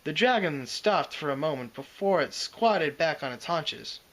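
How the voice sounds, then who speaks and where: A man reading fan fiction aloud, expressive and dramatic, with occasional slips and restarts. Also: fairly high pitch, a little slow, poor audio. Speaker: reader.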